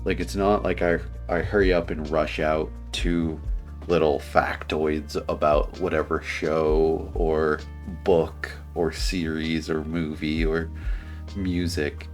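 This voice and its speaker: A man with a very deep voice and a slight lisp talks through dating advice in a flat, level delivery. He rambles earnestly and restarts his sentences often. Faint music plays underneath him. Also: takes it slowly. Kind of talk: casual reaction commentary.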